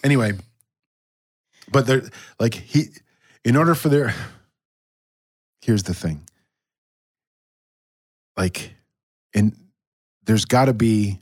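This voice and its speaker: This man co-hosts a church podcast, chatting casually about faith in a rambling way full of fillers and restarts. His voice sits on the lower side, captured in clean, echo-free studio sound.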